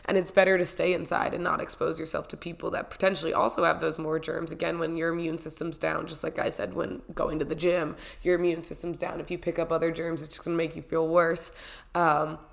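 A woman's voice: sits low, little pitch movement, a little fast, gravelly. A young woman in her twenties with a cold, chatting casually to camera about getting well, full of fillers and laughter. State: sick with a cold. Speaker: wellness vlogger. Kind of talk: casual chat.

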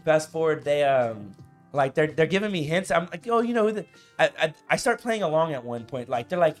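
Animated young man telling a story. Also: a little high, fairly quick, soft background music. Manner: animated, laughs often, says "bro" and "I was like". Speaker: podcast co-host. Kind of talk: casual storytelling chat.

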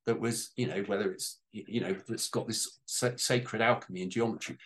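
A man's voice: lowish voice, fairly even intonation, moderate pace, a bit bright. A man on a panel talking about a personal change in a heartfelt, rambling way, close to tears at times. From United Kingdom. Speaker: guest on a panel. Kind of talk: emotional personal testimony.

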